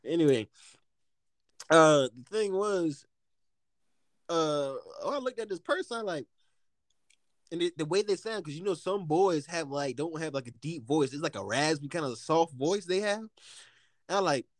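A young man casually telling stories as a podcast co-host, in an animated, profane way, laughing often. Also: on the high side, moderate pace, pauses often, dry recording, clean studio sound. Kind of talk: casual storytelling.

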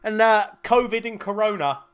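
A man's voice: high voice, normal speed, a bit bright, slight background noise. A man co-hosting a podcast, joking and swearing through casual banter. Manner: jokey, swears a lot. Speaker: podcast co-host.

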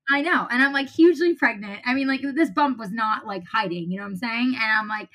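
Woman, 30s, bright and forceful, casual storyteller who swears and quotes people. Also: fairly high pitch, a little fast. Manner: animated storytelling, swearing, quoting others. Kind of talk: casual chat.

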